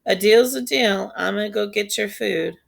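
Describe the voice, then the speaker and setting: A woman reading aloud, voicing a friendly grown man who gently coaxes a hungry child out of hiding, slow and patient. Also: medium pitch, creaky. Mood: coaxing. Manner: gentle, coaxing, unhurried.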